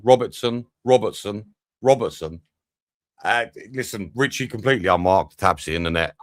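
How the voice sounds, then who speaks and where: A man's voice: lowish voice, no room sound, clean studio sound. A man streaming a football watch-along, swearing, venting and chatting with his viewers. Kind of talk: live match commentary and chat.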